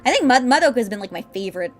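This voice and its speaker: A woman's voice: on the high side, sing-song, very fast, faint music behind. A young woman streaming a game, chatting casually with her viewers, rambling and laughing often as she answers chat.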